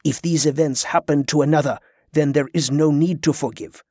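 A man voicing a stern old combat master who speaks in clipped, flat, commanding lines. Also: a little high, normal speed, no room sound, studio quality.

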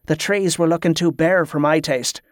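An eager young acolyte with a blunt, grimly keen way of speaking, as a man puts him on. The voice sits a little higher than the reader's own, recorded close and dry. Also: steady tone, normal speed, dry recording, lightly acted.

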